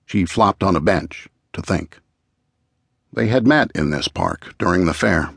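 Deep husky male audiobook narrator. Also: animated, unhurried, a bit bright, dry recording, clean studio sound. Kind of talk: scripted true-crime narration.

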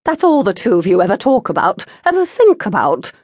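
A woman's voice: very animated, fairly quick, a little mellow, no room sound, clean studio sound. A woman voicing an exasperated, theatrical society mother who scolds her grown daughter. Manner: shrill, indignant, theatrical.

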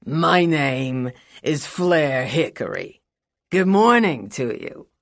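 Lady putting on a flamboyant lawyer guy, slow silky drawl, low and dry. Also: very animated, no echo, heavily acted. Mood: silky mocking. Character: flamboyant middle-aged male defense lawyer, theatrical. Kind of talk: audiobook character voice.

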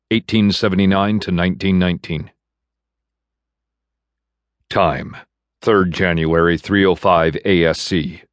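A man narrating an audiobook in a measured, even storytelling manner, recorded in a studio. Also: low voice, no room sound. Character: bitter man navigator. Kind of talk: scripted narration. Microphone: studio microphone.

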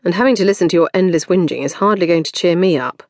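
A tired, practical young florist , read by a woman narrator, with a low, dry and curt way of speaking. She answers her sister wryly, without fuss. The sound is close and dead. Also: fast talker, darkish tone, dry recording, close to an everyday voice. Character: hard-working, wry, brusque young florist.

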